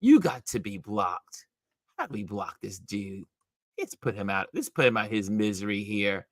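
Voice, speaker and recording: A man hosting a casual livestream, animated and emphatic, reacting to viewer comments and laughing often. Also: lowish voice, normal speed, dry recording, studio quality. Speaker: livestream host.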